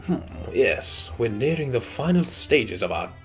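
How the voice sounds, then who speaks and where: A man voicing a pompous, scheming older male commander in a game, in a low, hushed, breathy put-on voice. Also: very animated, a little slow, soft background music.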